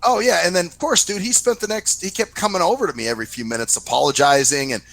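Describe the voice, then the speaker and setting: A man hosting a casual talk show, telling a story in a profane, lively way and acting out what others said. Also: high voice, quick pace, creaky, no echo, rough recording. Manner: profane, animated anecdote-telling, acts out quoted voices. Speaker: podcast host.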